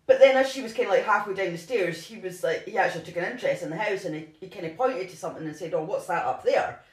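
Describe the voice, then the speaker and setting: A voice at a middling pitch, telling a true-crime story in a loose, chatty way. The telling rambles, with plenty of "like" and false starts. The recording has a noticeable echo from the room. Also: racing. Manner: rambling, lots of "like" and restarts. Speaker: podcast co-host. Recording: roomy echo.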